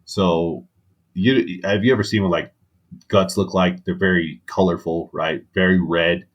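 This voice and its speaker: A man's voice: sits low, fairly even intonation, unhurried, highs cut off. A man, a podcast guest, telling a candid story in casual talk, swearing now and then.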